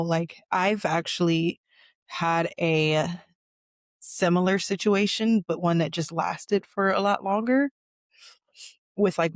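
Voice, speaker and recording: A woman's voice: lowish voice, dry recording, clean studio sound. A woman hosting a podcast, replying in casual, emphatic chat and swearing freely. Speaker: podcast host.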